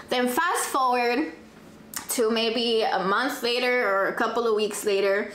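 A woman's voice: on the high side, animated, a little fast, a bit bright, a little hiss or hum. Profane, dramatic young woman in an echoey room. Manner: profane, dramatic, mixes Spanish phrases. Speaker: vlogger. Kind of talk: casual storytime. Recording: echoey room, faint ambience.

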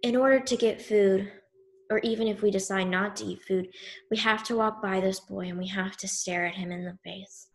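A woman telling a story in the first person, slow and grave with weighty pauses. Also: medium pitch, steady tone. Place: synagogue event.

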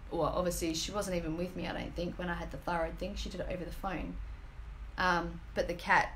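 A woman in her thirties speaking to her phone camera at home, earnest and gushing, halting often with fillers. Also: mid-range voice, a bit bright. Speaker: energy healing business team member. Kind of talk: emotional personal testimonial vlog. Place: home, indoors.

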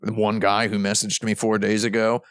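A man co-hosting a podcast, rambling through wry, deadpan jokes in casual chat. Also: on the low side, brisk, no echo. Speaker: podcast co-host.

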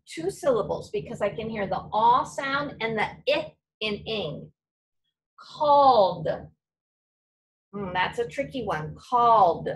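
A woman's voice: medium pitch, recorded from a distance, slight background noise, low-quality recording. A woman teacher giving a patient, step-by-step reading lesson to young children. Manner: patient, slow, step-by-step explaining.

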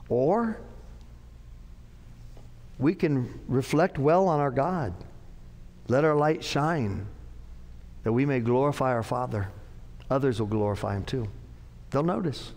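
A male pastor delivers an earnest, conversational sermon in a church sanctuary, repeating phrases to drive his points home. His voice sits in the mid-range with a slightly mellow quality, and the recording carries a long church-hall reverb.

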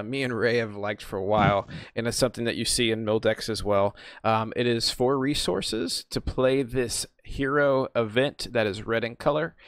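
A man hosting a casual podcast, chatty and enthusiastic and quick to laugh. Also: mid-range voice, fairly bright tone, clear, resonant tone, dry recording, clean studio sound. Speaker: podcast host. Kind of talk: casual chat.

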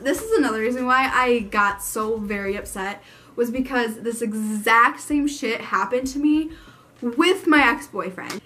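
A woman's voice: a little high, a bit bright. Fired-up young woman telling a story. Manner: frank and profane, lots of swearing; fired up and emphatic. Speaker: vlogger. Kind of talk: storytime vlog.

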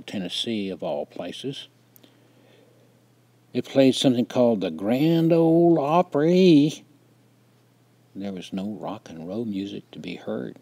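A man's voice: lowish voice, mellow, slightly rough. An older man from Wisconsin reading his own memoir in a plain, reflective way. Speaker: memoir narrator.

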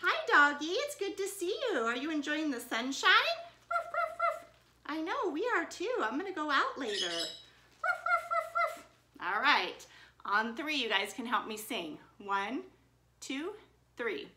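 A woman teaching an online class for young children at home, speaking in a gentle, sing-song teacher voice into a webcam. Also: sits high, very animated, moderate pace. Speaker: preschool teacher.

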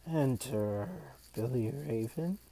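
A man reading aloud and voicing an impatient, croaking, wheezy ancient old man with a drawn-out delivery. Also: mid-range voice, dark tone.

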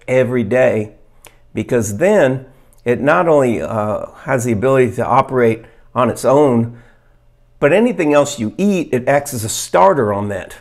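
Earnest man demoing food on camera. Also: medium pitch. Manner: earnest, plain-spoken, pauses with fillers; reads study excerpts aloud haltingly. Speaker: health vlogger. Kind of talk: casual demonstration to camera.

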